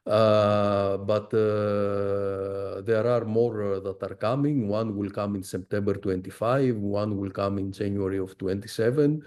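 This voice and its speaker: A visiting professor presents his research in an academic talk, speaking haltingly with frequent "uh" fillers. His voice is low, steady, and somewhat dark.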